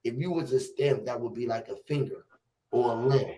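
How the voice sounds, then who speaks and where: A man hosting a casual conversation, telling animated, profane stories and acting out the quotes loudly. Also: medium pitch, moderate pace.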